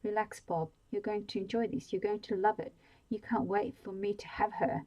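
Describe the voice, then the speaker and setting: A woman's voice: medium pitch, steady tone, moderate pace, dark tone, lo-fi sound, lightly acted. A woman voicing a cruel, controlling man in an ASMR story reading, with a cold, commanding manner. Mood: menacing.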